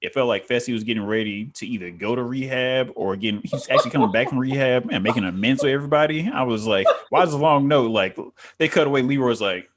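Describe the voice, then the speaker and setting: A man's voice: medium pitch, fast, slight background noise. A man co-hosting a casual review chat, laid-back and slangy, acting out quotes from the show. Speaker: co-host reviewing a reality show.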